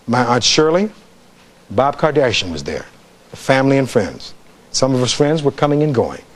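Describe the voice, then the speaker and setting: A man, a defense attorney, giving a closing argument in a courtroom, reading testimony aloud and putting rhetorical questions to the jury. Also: medium pitch.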